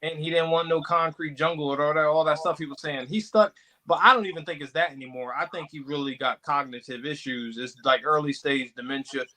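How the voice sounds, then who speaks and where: A man's voice: fairly high pitch, fairly even intonation, fairly quick, sharp tone, rough recording. A man in casual political chat who tells stories and acts out what others said. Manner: storytelling, acts out quoted remarks.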